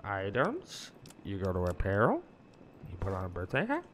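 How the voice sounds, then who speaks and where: Young male streamer, casual and profane, bright and animated. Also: sits low, normal speed, a little hiss or hum. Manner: rowdy, swearing, laughing easily. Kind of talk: casual gameplay commentary.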